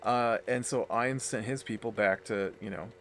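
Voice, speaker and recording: A man's voice: medium pitch, fairly even intonation, moderate pace, fairly bright tone. A man with a mid-range voice chats loosely over his gameplay, stringing thoughts together with plenty of ums and restarts. A faint hiss of background noise sits under his voice. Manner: rambling, filler-heavy, chatty. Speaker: let's play host. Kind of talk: casual gameplay commentary.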